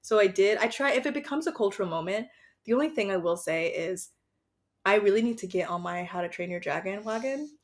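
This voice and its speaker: A woman's voice: medium pitch, a little fast. A young woman co-hosting a casual podcast, laughing often and telling stories with animation. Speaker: podcast co-host. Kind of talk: casual chat.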